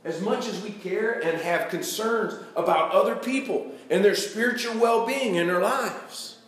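A man's voice: sits high, a little slow, reverberant. A middle-aged man preaching a sermon in a church, folksy, calling out members of the congregation by name.

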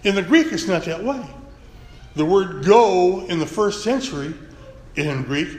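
Guy preaching, high voice, folksy and earnest, big echoey church sound. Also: very animated, moderate pace. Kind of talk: sermon. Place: church sanctuary. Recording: echoey church hall, faint room noise.

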